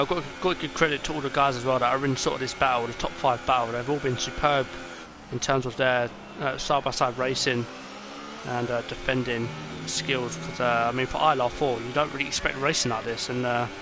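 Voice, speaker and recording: A man's voice: medium pitch, fairly quick. Tired man calling a sim race. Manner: excitable, rambling, many fillers. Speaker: race commentator. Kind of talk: esports race commentary. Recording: noisy, with game car sounds behind.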